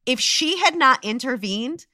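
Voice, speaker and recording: A woman co-hosting a podcast, telling a story in a lively, animated way. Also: sits high, unhurried, no echo, studio quality. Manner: lively, animated storyteller who acts out quotes. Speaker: podcast co-host.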